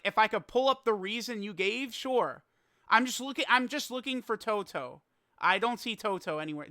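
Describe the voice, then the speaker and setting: A man's voice: extremely high pitch, bright, forceful tone, no echo, clean studio sound. A young man giving casual reaction commentary as a gaming YouTuber, exasperated and laughing, rambling with stammered restarts.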